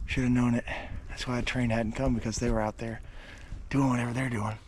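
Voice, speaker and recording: A man vlogging casually outdoors near railroad tracks, rambling with many fillers and sometimes dropping to a hush. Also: medium pitch, level tone, fairly quick, a little hiss or hum. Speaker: urban explorer vlogger. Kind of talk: casual vlog narration.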